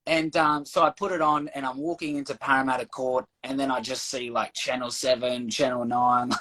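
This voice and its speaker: An Australian man chats loosely as a podcast guest and spins an anecdote. He mimics the people he quotes, and his voice has a slightly breathy, husky grain. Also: mid-range voice, normal speed, rough recording. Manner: animated anecdote-telling, acts out quoted voices. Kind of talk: casual storytelling chat.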